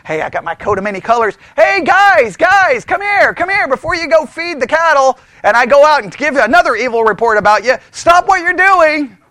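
A man's voice: sits high, rapid-fire, few pauses, fairly bright tone, no room sound. A man voicing a boastful young man who calls his brothers over to brag to them.

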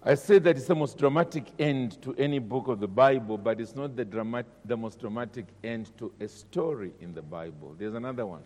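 A man preaching a sermon, dramatic, dropping to a hush and then rising loud. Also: medium pitch, fairly quick, few pauses, long reverb tail. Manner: dramatic, swings between hushed and loud.

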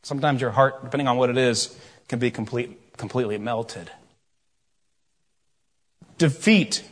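A middle-aged man preaching a sermon, telling a story with quiet asides and loud, rising questions. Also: mid-range voice, moderate pace, slightly rough. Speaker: pastor. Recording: long hall reverb.

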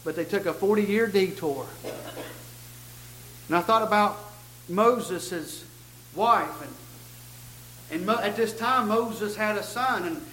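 High, bright-voiced man preaching a sermon. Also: slow pace, pauses often, reverberant, a little hiss or hum, poor audio. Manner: repetitive stammering restarts, folksy rising emphasis. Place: church sanctuary.

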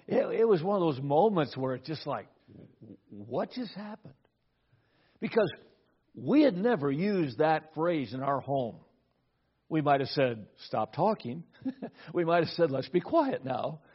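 A man's voice: on the high side, breathy edge. A middle-aged man preaching a sermon, telling a family story with repeated words at the start of phrases. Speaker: pastor. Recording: dull lo-fi recording.

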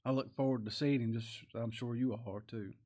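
A man preaching from the pulpit in a mid-range voice. He talks in a folksy, homespun way, pushing up into loud, emphatic bursts and dropping back with a chuckle. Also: medium pitch, fairly even intonation, fairly quick. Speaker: pastor. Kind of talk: sermon.

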